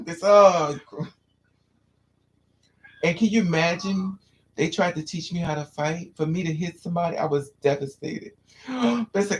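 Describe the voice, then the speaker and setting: A man chatting casually, telling childhood stories in an animated way and acting out the voices of people he quotes. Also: fairly high pitch, normal speed, a little hiss or hum. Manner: animated storyteller, squeals and acts out quotes. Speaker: podcast host. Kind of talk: casual chat.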